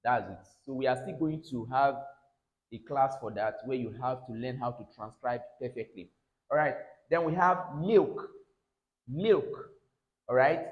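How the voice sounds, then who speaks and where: Man teaching pronunciation in a roomy echo. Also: medium pitch. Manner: drills words aloud, tags lines with "all right?". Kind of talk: classroom phonics lesson.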